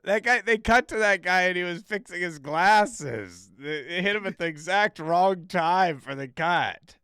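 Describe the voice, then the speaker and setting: Guy streaming a reaction vid, cursing and cracking up, higher voice, smooth and dry close up. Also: expressive, measured pace, bright, forceful tone, dry recording. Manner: laughing, swearing, incredulous. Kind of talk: casual reaction chat.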